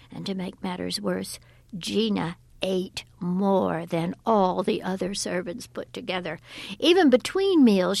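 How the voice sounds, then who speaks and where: A woman reads a folk tale aloud with a gravelly voice. She is expressive and often sinks to a breathy whisper, and her voice sounds dry and close with no room echo. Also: mid-range voice. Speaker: storyteller. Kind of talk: storybook reading.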